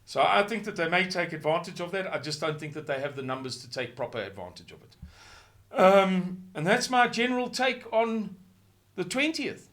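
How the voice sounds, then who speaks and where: A man from South Africa giving a monologue video commentary, impassioned and rhetorical, swinging from hushed tones to shouting and repeating words for emphasis. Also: high-pitched, very animated, normal speed.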